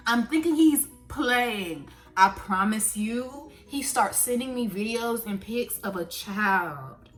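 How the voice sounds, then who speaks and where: Young woman, casual storytime, animated, faint background music. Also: on the high side, slow, hardly any pauses. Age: young adult. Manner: animated, swears freely, jumps from laughs to outrage. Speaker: vlogger.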